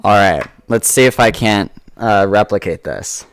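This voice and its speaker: A man's voice: medium pitch, animated, moderate pace, few pauses, clear, resonant tone, dry recording. A man hosting a charity stream, reading donation messages in a playful, teasing way.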